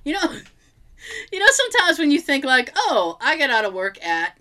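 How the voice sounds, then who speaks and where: A woman in casual chat, telling an everyday story in an animated way, acting out both sides of the dialogue and swearing freely. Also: high voice, normal speed.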